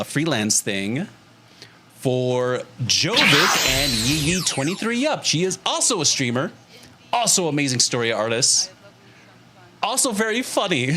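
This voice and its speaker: Chatty young man streaming live. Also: mid-range voice. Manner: animated, laughs often, swears casually. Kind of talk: casual livestream chat to viewers.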